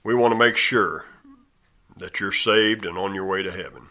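Brief: low, bright-toned male host, earnest direct appeal to listeners. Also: normal speed. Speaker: ministry radio host. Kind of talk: addressing listeners.

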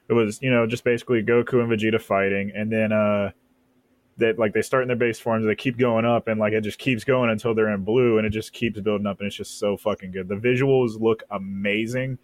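A man with a fairly low voice talks on a casual podcast, rambling with enthusiasm and pausing on fillers. The sound is close and completely dry. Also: dry recording. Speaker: podcast co-host. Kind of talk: casual chat.

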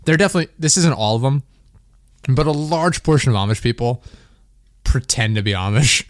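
A man's voice: mid-range voice, a little fast, no room sound, clean studio sound. A man hosting a podcast, telling stories animatedly with frequent swearing and laughter. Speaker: podcast host. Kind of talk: casual chat.

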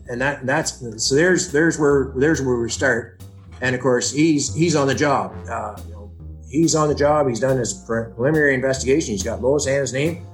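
A man's voice: medium pitch, expressive, normal speed, roomy sound, soft background music. A man bluntly retelling events in an interview, swearing and acting out the dialogue he quotes. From Ontario, Canada. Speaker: brother of a missing woman, interviewee. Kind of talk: storytelling interview.

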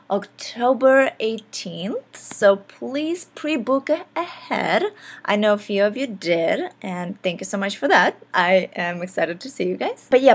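A woman vlogger talking casually to her viewers, rambling and full of fillers. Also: medium pitch. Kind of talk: casual talk to camera.

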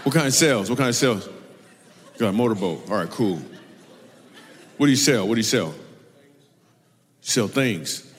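A man's voice: fairly low pitch, animated, normal speed, long pauses. A man doing stand-up crowd work on a theater stage, playful and sarcastic with the audience. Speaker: stand-up comedian. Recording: live venue with reverb.

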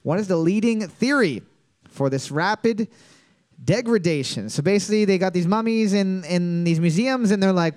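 A woman's voice: mid-range voice, normal speed, darkish tone. A woman hosting a casual trivia night, reading each question twice and trading crude, teasing banter with a co-host.

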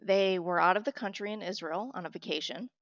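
A woman's voice: medium pitch, brisk, fairly bright tone, dry recording. A woman in her thirties, a guest in an interview, telling a personal story in a candid, heartfelt way with many restarts. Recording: dull, lo-fi sound.

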